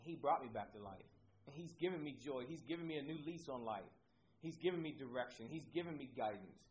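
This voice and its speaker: A man's voice: medium pitch, expressive, fast talker, a little mellow. A man from Ohio preaching a sermon with energy, repeating his phrases for emphasis. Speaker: pastor. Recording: dull lo-fi recording with faint noise.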